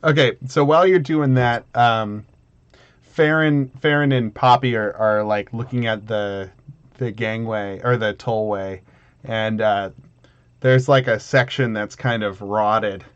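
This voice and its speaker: A man's voice: on the low side, fairly even intonation, unhurried, smooth, dull audio. A man running a tabletop game as game master, talking loosely with many fillers and restarts.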